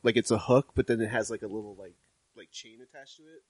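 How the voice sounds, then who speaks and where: A man joining in a casual podcast chat with quick interjections and giggles. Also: fairly low pitch, fairly even intonation, a little mellow, husky, dry recording.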